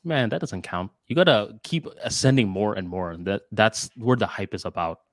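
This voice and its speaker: A man's voice: fairly low pitch, normal speed, no room sound. Man telling stories on a podcast. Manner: storytelling, animated retelling. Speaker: podcast co-host. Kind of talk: casual podcast chat.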